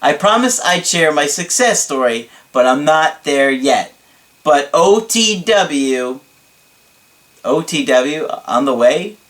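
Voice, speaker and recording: A man voicing an excitable young male client who reads out his thanks in a dramatic, drawn-out way. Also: fairly high pitch. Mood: effusive. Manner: drawn-out, emphatic delivery.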